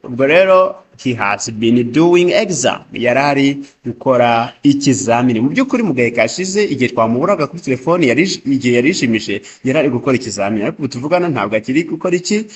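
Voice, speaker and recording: A man teaching an English grammar lesson, reading example sentences slowly and explaining them quickly in between. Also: medium pitch, expressive, slight background noise. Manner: slow drilled example sentences, then rapid explanations. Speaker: language teacher.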